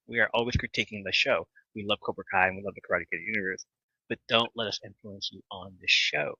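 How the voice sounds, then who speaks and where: Podcast host guy, lively and laughy, bright crisp tone, kinda lo-fi. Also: mid-range voice, dry recording. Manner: animated, laughs a lot, chatty with viewers. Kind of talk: casual live podcast chat. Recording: slightly dull lo-fi mic.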